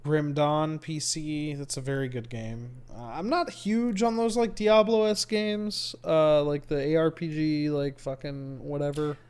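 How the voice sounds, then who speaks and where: A man's voice: a little high, fairly even intonation, a little slow, few pauses, darkish tone, smooth. A man co-hosting a casual gaming podcast, laid-back, with lots of fillers and swearing. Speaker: podcast co-host.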